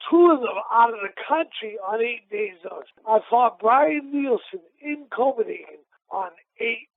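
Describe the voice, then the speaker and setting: Very high-pitched yet gravelly, this middle-aged man's voice moves at normal speed with lively intonation. He's a retired boxer from Massachusetts, USA, rambling through stories with many restarts and repeats in a casual interview carried over a tinny radio-show phone line.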